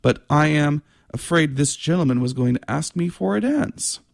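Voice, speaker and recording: A man voicing a polite, flattered young woman at a ball, speaking graciously. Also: fairly high pitch, moderate pace, vocal fry, dry recording, clean studio sound.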